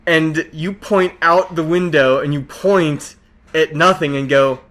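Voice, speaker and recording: Speaking slowly in a slightly high voice, a man co-hosting a podcast spins stories in relaxed conversation, laughing a lot and performing the lines he quotes.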